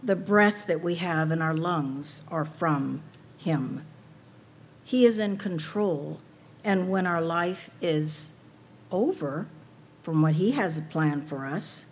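A woman's voice: lowish voice, animated, slow pace, long pauses, a little hiss or hum. A woman preaching a sermon to a women's audience, earnest and personal, asking rhetorical questions.

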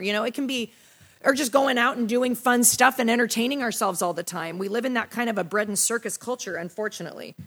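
A young woman with a fairly high voice leads a Bible study in a relaxed, talky way. She explains the passage like she is chatting with friends and keeps checking in with her listeners as she goes. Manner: conversational, frequent "right?" and "you know". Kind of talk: casual Bible study teaching.

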